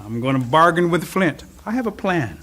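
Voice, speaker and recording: Man voicing Rabbit, sly high trickster. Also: sing-song, moderate pace, a bit bright. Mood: scheming. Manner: coaxing, scheming.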